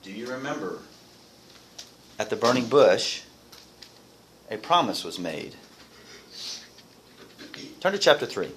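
A man's voice: medium pitch, sing-song, slow, pauses often, a bit bright, a little hiss or hum, poor audio. A man teaching a Bible study class, asking his group questions and reading verses aloud.

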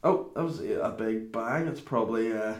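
Speaking at a moderate pace in a lower voice, a Scottish man recounts a meandering anecdote at home for the camera. He's a dad, swearing freely and sounding comically exasperated.

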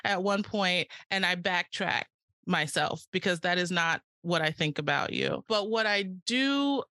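A woman's voice: lowish voice, unhurried, sharp tone, no echo. A woman co-hosting a podcast, speaking earnestly and directly to her guest in casual chat. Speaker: podcast co-host.

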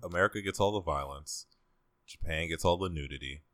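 A man's voice: low-pitched, fairly quick, fairly bright tone, no room sound, studio quality. A man co-hosting a podcast, chatting casually with teasing wisecracks. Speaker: podcast co-host. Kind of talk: casual chat.

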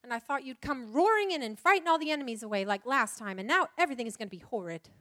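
A woman's voice: sits high, expressive, quick pace, pushed and bright. A woman voicing an anxious, earnest little girl while reading a storybook aloud, in a pleading way.

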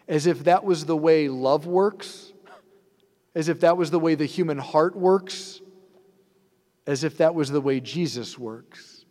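A man's voice: on the high side, unhurried, a little mellow. A man, a priest, giving a sermon in an earnest, conversational way with rhetorical asides. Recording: long hall reverb.

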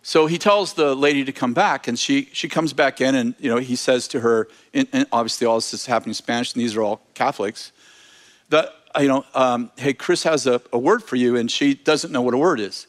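A man preaching, telling a long anecdote in a lively, animated way with frequent restarts and self-corrections. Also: medium pitch, fairly quick. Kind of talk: storytelling sermon.

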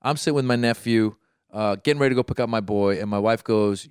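A man from Iran, a doctor, telling a long story in casual chat, rambling, repeating himself and jumping high when he acts out his own thoughts. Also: fast talker, clean tone, no room sound, studio quality.

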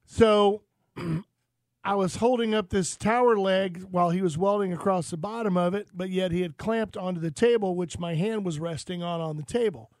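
Talk-show host, male, high voice, dry close mic, casual rambling storyteller. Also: moderate pace, darkish tone, dry recording. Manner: rambling anecdotes with frequent fillers.

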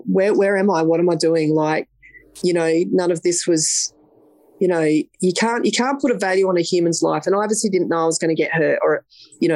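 An Australian woman, a police officer, telling her story frankly in an interview, blunt and quick to swear. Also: lowish voice, a little mellow, no room sound, rough recording. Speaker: police detective sergeant, podcast guest.

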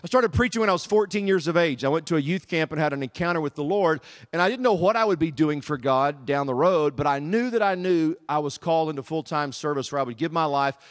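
A middle-aged man with a Southern US accent, preaching as a guest speaker in humorous, animated storytelling. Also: a little high, fast, few pauses. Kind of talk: sermon. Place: church service.

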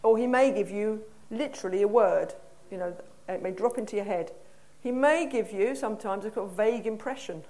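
A woman's voice: mid-range voice, brisk, few pauses, mellow. A woman preacher with an English accent gives a conversational sermon, putting questions to her congregation in a church hall.

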